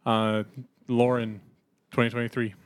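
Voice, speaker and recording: A man's voice: medium pitch, flat delivery, a little slow, clear, resonant tone, dry recording. A man co-hosting a podcast in casual chat, telling rambling stories with hesitant fillers. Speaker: podcast co-host.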